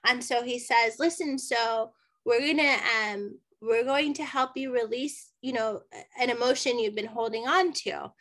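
A woman's voice: on the high side, moderate pace. A woman guest on a podcast telling a personal story in casual chat, acting out the dialogue and often saying "like". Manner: animated, acts out dialogue, many "like" fillers.

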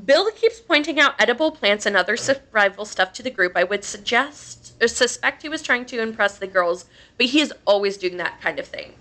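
Woman host, fairly high bright voice, reads a scary story in a loose, sweary way. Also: lively intonation, fairly quick. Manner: casual, swears freely, laughs between lines. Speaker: podcast host. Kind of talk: reading a horror story aloud.

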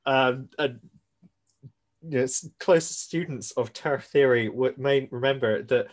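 A man's voice: mid-range voice, unhurried. A man hosting a podcast, adding research points in a dry, wry manner. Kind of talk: casual podcast chat.

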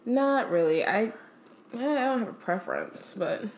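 A woman with a fairly high, lively voice co-hosts a podcast and chats playfully, cutting in with quick remarks. The room around her is echoey. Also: slight background noise. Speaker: podcast co-host. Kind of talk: casual chat.

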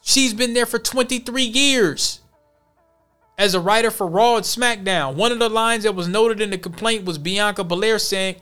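A man's voice: high-pitched, moderate pace, bright, forceful tone, clean tone, faint music behind. A man hosting a podcast, reading news stories aloud and commenting on them bluntly with slang. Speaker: podcast host.

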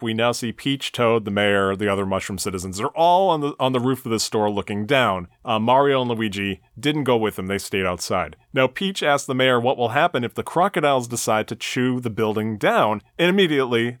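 A man recaps an old cartoon for a podcast, scene by scene, and drops dry jabs at its logic along the way. His voice sits at a middling pitch. The recording is close and dead dry. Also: fairly bright tone, dry recording. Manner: narrates plot beat by beat with dry asides. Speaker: podcast co-host. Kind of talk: casual recap of a cartoon episode.

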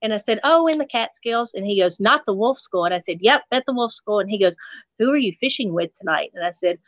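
A woman's voice: mid-range voice, lively intonation, fast talker, no room sound. A woman from Nashville, a fly fishing instructor, telling a fishing story in casual chat, laughing often and acting out the voices she quotes. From Nashville, Tennessee.

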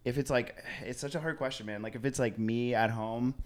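A man's voice: mid-range voice, a little fast. A young man, a chef, chatting casually as a podcast guest in a laid-back, slangy way, often searching for words. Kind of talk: casual chat.

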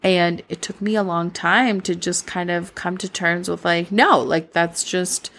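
Candid Midwestern-accented woman podcaster, lowish voice. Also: fairly even intonation, a little slow, a bit bright. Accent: Midwestern American. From born in Colombia, raised in Minnesota. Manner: candid, rambling, frequent "like" fillers, laughs at herself. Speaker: podcast host. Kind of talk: reflective solo podcast monologue.

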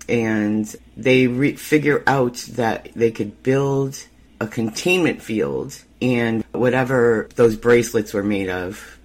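Chatty man recapping a TV episode. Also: medium pitch. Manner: chatty, laughs easily, acts out scenes. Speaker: podcast host.

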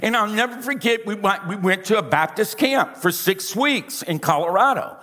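A man's voice: high-pitched, normal speed, bright, forceful tone. A man from Louisiana preaching a folksy, self-deprecating storytelling sermon, with a big carrying voice and talk from the side of his mouth. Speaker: pastor. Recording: reverberant hall.

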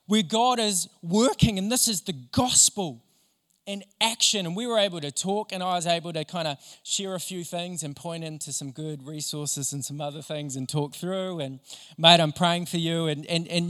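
A young adult man preaching a sermon, telling stories in an animated, enthusiastic way. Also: high voice. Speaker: pastor. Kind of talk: sermon with storytelling. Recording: long hall reverb.

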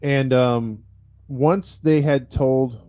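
A man's voice: medium pitch, steady tone, extremely slow, mellow. A man, a podcast host, telling a true-crime story in a casual, chatty way, with lots of fillers and restarts. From United States.

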